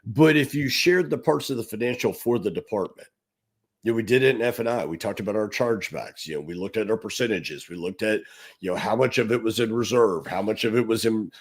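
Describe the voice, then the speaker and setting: A middle-aged man co-hosting a podcast, telling an animated story and acting out the quotes. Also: mid-range voice, breathy edge. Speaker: podcast co-host. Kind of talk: storytelling in casual podcast talk.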